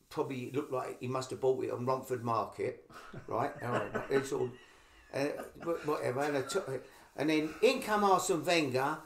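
A man's voice: medium pitch, creaky, echoey room. An older man with a Cockney accent, a podcast guest telling rambling stories and acting out what people said. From England. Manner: rambling anecdotes with acted quotes. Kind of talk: casual storytelling.

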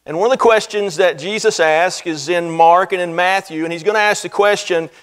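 High-voiced man preaching a sermon. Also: a little fast, fairly bright tone, clear, resonant tone. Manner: earnest preaching with swelling emphasis. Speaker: pastor. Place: church sanctuary.

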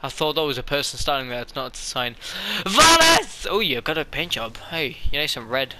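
A young man giving excitable let's-play commentary, jokey and chatty, talking back to the characters on screen. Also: mid-range voice, fast talker, a little hiss or hum. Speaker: gaming YouTuber.

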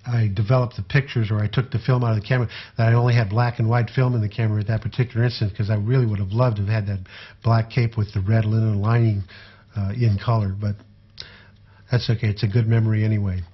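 An older man with a husky, slightly breathy voice tells anecdotes from his years on tour. He talks at an easy pace and trails off with fillers between memories. The recording sounds dull and lo-fi. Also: on the low side, level tone. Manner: unhurried, rambling recollection with frequent fillers. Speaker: tour photographer recalling memories. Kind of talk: conversational anecdotal storytelling.

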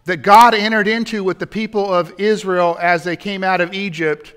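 A man's voice: high voice, steady tone, normal speed, a bit bright, clear, resonant tone. A man preaching a sermon in a church, building to emphatic points and turning to the congregation with asides. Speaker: pastor. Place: church sanctuary.

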